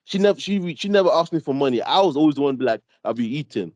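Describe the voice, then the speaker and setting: British man telling a lively story. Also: on the high side, very fast, no room sound. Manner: animated storyteller, laughs often, heavy slang. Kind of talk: casual chat.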